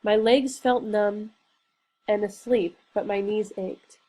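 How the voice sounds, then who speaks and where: A woman reading a novel aloud in a steady, earnest storytelling manner. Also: mid-range voice, slow, rough recording. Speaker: reader. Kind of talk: audiobook narration.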